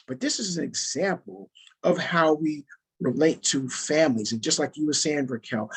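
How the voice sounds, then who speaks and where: Male facilitator, fairly high and very husky voice, chatty and repetitive, talking over a video call. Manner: conversational, repeats phrases for emphasis. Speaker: workshop facilitator. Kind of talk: interactive training talk.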